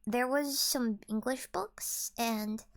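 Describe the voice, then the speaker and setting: A young woman in a whispered role-play, soft-spoken and rambling, swearing freely and trailing off mid-thought. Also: on the high side, slow pace, dry recording, studio quality. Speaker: ASMR creator.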